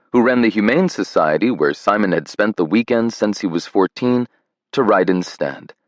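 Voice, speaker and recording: A man reading a romance audiobook in a measured, tender scripted narration. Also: sits low, no room sound.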